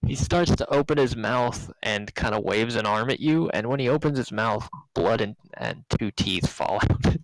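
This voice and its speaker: A man running a tabletop role-playing game, narrating the action in a relaxed, casual way. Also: medium pitch, moderate pace, few pauses, dry recording, low-quality recording. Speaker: game master.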